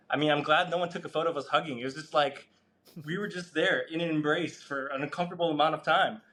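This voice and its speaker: A man telling a story as a podcast guest, animated, swearing and laughing as he goes. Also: on the high side. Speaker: guest researcher. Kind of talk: casual storytelling in a podcast interview.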